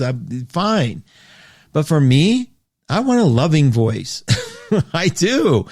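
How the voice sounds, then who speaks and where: A man hosting a casual astrology livestream. He reads listener comments aloud and answers them, and his talk swings between loud, laughing outbursts and soft asides. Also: medium pitch, no room sound, clean studio sound. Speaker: astrology show host.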